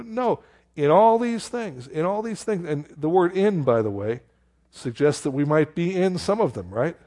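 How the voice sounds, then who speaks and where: Male preacher, slightly high voice, lively, teaching-style sermon with rhetorical questions. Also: measured pace. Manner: animated and conversational, rhetorical questions, exclaims "how stupid". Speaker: pastor. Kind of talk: expository sermon.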